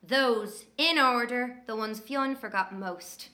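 An actress voicing a blunt, sharp-tongued Irish woman who narrates her childhood with an earthy, cursing manner. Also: fairly high pitch. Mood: candid, wry. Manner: brisk, earthy storytelling with cursing. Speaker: narrator recalling her twin brother. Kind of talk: dramatic first-person narration.

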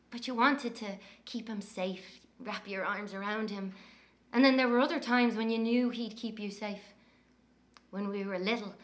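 An actress voicing a blunt, sharp-tongued Irish woman who narrates her childhood with an earthy, cursing manner. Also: medium pitch, lightly acted. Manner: brisk, earthy storytelling with cursing. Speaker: narrator recalling her twin brother. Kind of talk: dramatic first-person narration.

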